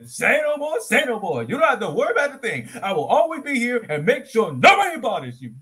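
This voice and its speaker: A man plays an eager, motor-mouthed talking donkey whose pitch leaps all over the place. The voice is a little husky around the edges, and he rambles, then bursts out loud. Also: wildly swooping pitch, fast, full character voice. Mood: rambling. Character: chatty excitable male talking donkey. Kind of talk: fan dub of an animated film.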